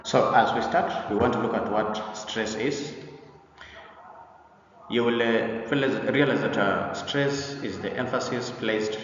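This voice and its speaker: A man presenting an English pronunciation lesson in a deliberate lecture style, often repeating himself and pausing on "uh". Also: mid-range voice, a little hiss or hum. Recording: echoey, dull recording from a distance.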